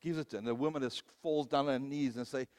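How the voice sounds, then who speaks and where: A man preaching a sermon, telling personal stories, rising to loud, emphatic peaks and then dropping low. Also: steady tone, fast talker. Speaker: pastor.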